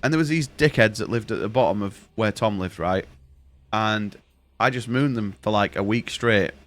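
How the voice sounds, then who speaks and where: A man's voice: on the low side, normal speed, fairly bright tone. Sweary guy telling a story. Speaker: gaming streamer. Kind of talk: casual chat while streaming.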